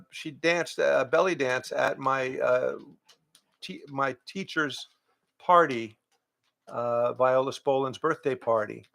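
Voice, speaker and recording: An older man, a voice actor and improv teacher, chatting casually with fans on a livestream from home, reading out their questions and answering in a relaxed, rambling way. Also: mid-range voice, creaky. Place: home, in front of pictures on the wall. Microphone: livestream webcam setup.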